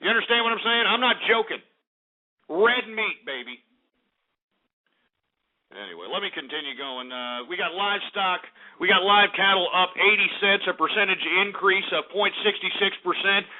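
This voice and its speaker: A man's voice: high-pitched, animated, moderate pace. A man hosting a talk radio show, ranting in a profane, blustering way and often asking if listeners understand. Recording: tinny phone-like radio audio.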